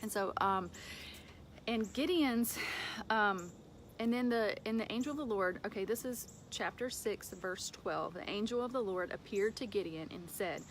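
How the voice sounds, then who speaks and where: A woman giving an informal devotional talk from home, conversational, with fillers and soft laughs. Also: mid-range voice, moderate pace, slight background noise. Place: home with a dog nearby.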